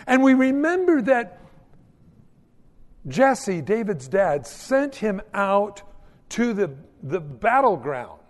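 Animated high-voiced man preaching a sermon. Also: takes it slowly, long reverb tail. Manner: animated, folksy storytelling with mock old-English prayers. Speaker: pastor.

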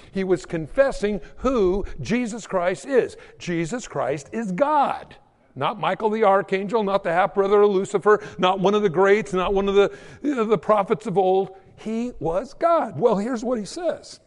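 A male pastor preaching in a church sanctuary, his voice ringing with a long reverb. His voice sits high for a man and swoops up and down with great liveliness. He tells stories and reads scripture with sudden bursts of loudness. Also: animated, measured pace. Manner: storytelling with sudden swings in pitch and loudness. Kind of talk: sermon.

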